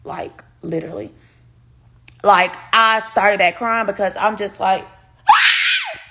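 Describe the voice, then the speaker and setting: A woman's voice: medium pitch, fairly even intonation, measured pace, pushed and bright. A woman vlogger from the United States tells a personal story to camera in a loose, casual way. She talks straight to her viewers, leans hard on her words and swears freely.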